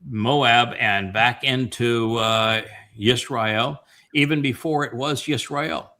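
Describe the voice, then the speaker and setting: A man hosting a family Bible-study talk show, retelling scripture in an impassioned way, with many pauses and fillers. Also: mid-range voice, fairly even intonation, bright, forceful tone. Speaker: host.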